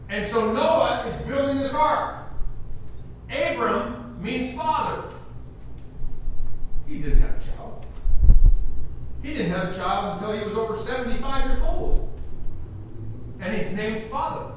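A man preaching a sermon with animated storytelling, acting out the dialogue himself, heard from afar in an echoey church hall. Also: very high-pitched, takes it slowly, long pauses, far from the mic. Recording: echoey room from afar with faint noise.

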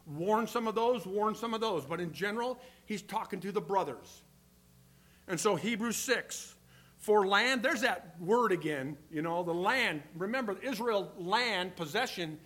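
An older man preaching a sermon, earnest, swinging between loud emphasis and quiet asides. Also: high voice. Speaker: pastor.

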